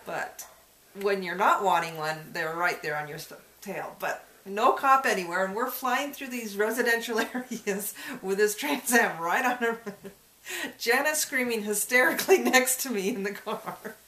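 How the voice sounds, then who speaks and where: During a folklore interview, a woman shares a casual personal story, chuckling frequently as she goes. Her mid-pitched voice is expressive, unhurried and sharp in tone, and the room adds a noticeable echo.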